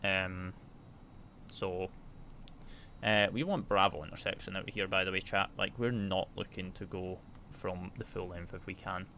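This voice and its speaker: A man with a lowish voice chats casually with his viewers as he works through a flight simulator. He reads checklist figures aloud between relaxed remarks, with faint noise behind him. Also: unhurried. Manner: chatty, reads checklist numbers and answers chat aloud. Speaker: flight sim streamer. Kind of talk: casual chat while flying a simulator.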